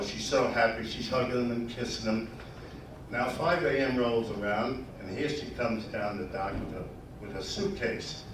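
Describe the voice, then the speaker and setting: A man in his eighties telling bawdy jokes in a tavern, chuckling as he tells them. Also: medium pitch. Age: 80s. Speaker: joke teller. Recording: echoey bar, far from mic, noisy.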